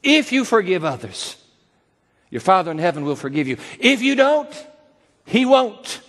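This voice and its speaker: A man preaching a sermon as pastor, dramatic, acting out quoted voices and swinging between loud and soft. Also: sits high, very animated, normal speed, in a large hall.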